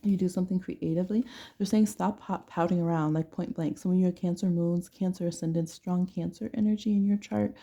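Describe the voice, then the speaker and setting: A woman's voice: on the low side, steady tone, brisk, vocal fry, mellow. A woman giving a casual tarot reading to camera with a blunt, playful way of talking. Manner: blunt, playful, laughs often. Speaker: tarot reader.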